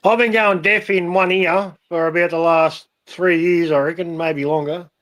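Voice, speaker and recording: A man's voice: a little high, fairly even intonation, normal speed, a bit bright. Laid-back man chatting on a stream. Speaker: stream guest. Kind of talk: casual chat.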